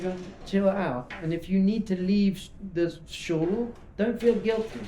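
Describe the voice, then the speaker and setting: Rabbi guy giving a chatty animated talk, kinda high mellow voice, roomy echo. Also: moderate pace, few pauses, slight background noise. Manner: animated, conversational, acts out little dialogues. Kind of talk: informal teaching talk. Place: talk hall at a yeshiva. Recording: echoey room.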